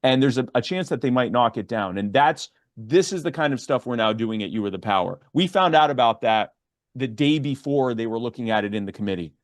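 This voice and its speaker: A man's voice: medium pitch, lively intonation, a little fast, dry recording, clean studio sound. Earnest man explaining a bill. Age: 40s or older. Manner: earnest, many restarts and fillers. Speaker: advocacy group guest. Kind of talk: interview, explaining legislation.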